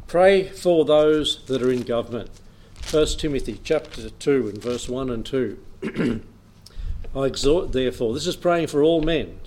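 A man's voice: mid-range voice, darkish tone. A man preaching a Bible teaching in an easy, conversational way, reading scripture aloud and chuckling now and then.

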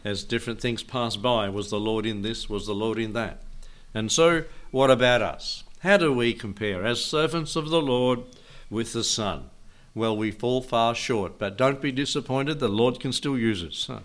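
A man's voice: medium pitch, normal speed, hardly any pauses, a bit bright. An older man preaching a Bible teaching sermon in a folksy way, chuckling often and asking his listeners questions.

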